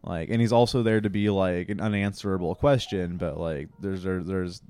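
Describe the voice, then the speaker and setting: Man, podcast host, smooth clear voice, rambling casual chat, cursing, lots of likes. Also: low voice, fairly even intonation, moderate pace, warm tone, dry recording. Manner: rambling and profane, lots of fillers.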